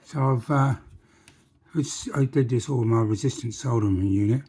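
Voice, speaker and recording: In a warm, mid-range voice at a moderate pace, a man talks himself through a model-making job, with slight background noise behind him. It's a casual workshop demonstration by a railway modeller who keeps things chatty and jokey.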